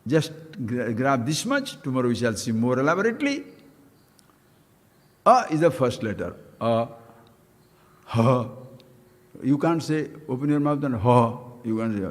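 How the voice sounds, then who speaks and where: A man giving a spiritual discourse, playful and animated, chanting syllables with big leaps in pitch. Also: normal speed, pauses often. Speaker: spiritual teacher. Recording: long hall reverb.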